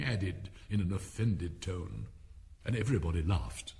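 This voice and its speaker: A man narrating a storybook aloud with an animated, dramatic delivery. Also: low-pitched, moderate pace, vocal fry. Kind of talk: expressive storybook reading.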